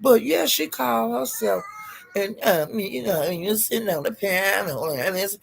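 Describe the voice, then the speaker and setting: High gravelly man dishing sassy gossip. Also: normal speed, slight background noise. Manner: sassy and profane, calls listeners honey and child; animated, jumps up in pitch for emphasis. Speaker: gossip vlogger. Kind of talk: casual gossip storytelling.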